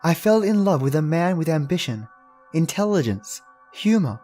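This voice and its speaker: A man voicing a cold, scornful young woman who accuses her lover in a dark storybook narration. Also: sits low, big pitch swings, normal speed, faint music behind, voice pushed up. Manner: accusing, repetitive.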